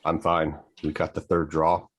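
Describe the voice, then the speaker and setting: A man's voice: a bass voice, monotone, normal speed, fairly bright tone, a little hiss or hum. A middle-aged man, a podcast co-host, rambling in casual chat. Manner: rambling, meandering explanations.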